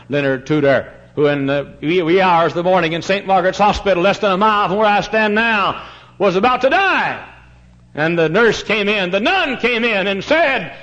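A man, a pastor, preaching a fiery sermon in a church, shouting one moment and dropping to a hush the next. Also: medium pitch. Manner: fiery preaching, swings from shouts to hushed tones. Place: church sanctuary. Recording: dull lo-fi recording.

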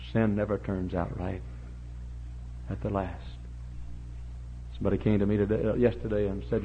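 A middle-aged pastor preaching a revival sermon, dropping to low murmurs and then rising to shouted, high-pitched cries. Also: male voice, a little hiss or hum. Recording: dull lo-fi sermon recording.

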